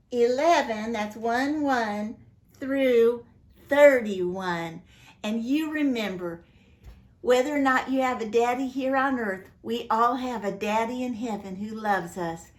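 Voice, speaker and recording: An older woman telling a Bible story to children, animated and playful, addressing her young listeners directly. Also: sits high. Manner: animated, warm-hearted, playful.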